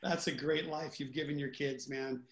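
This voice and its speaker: Man, slightly high voice, friendly teasing banter, echoey room sound. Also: fairly even intonation, normal speed. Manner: friendly, teasing, calls others dude and brother. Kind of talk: casual podcast conversation. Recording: roomy echo.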